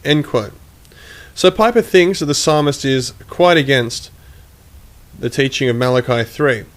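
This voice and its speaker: A man giving critical commentary, measured and emphatic, reading quotations aloud as he argues. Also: mid-range voice. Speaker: online commentator.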